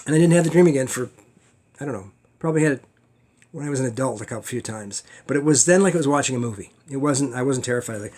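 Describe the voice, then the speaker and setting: A middle-aged man teaching a class in a casual storytelling way, acting out his own panicked thoughts in lively bursts. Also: medium pitch, quick pace.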